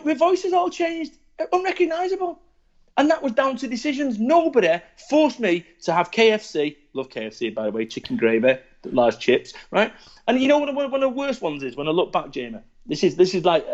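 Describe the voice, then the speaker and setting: Man, forties, blunt and profane storyteller; higher voice, muffled audio. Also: fast talker. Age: 40s. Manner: blunt, sweary, animated storytelling. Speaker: podcast guest. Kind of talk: casual chat.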